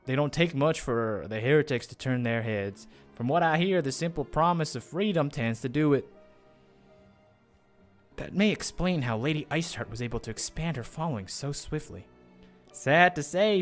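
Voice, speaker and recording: A man's voice: mid-range voice, close to an everyday voice. A man putting on a folksy country soldier. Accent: put-on rural country accent. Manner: drawling, folksy, plain-spoken. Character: grumbling low-born male soldier, blunt.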